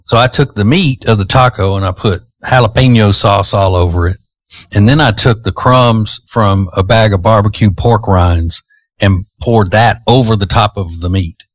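A man's voice: lowish voice, moderate pace, no echo. A man co-hosting a morning radio show in a studio, laid-back and laughing easily as he talks about food. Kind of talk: casual morning show banter.

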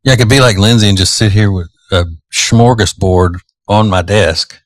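A man co-hosts morning radio from the studio in a relaxed, easygoing way, laughing often. His voice sits a little low, and the sound is dry and close. He tells casual stories at an unhurried pace. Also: no room sound. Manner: laid-back, laughs often. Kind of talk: casual morning show banter.

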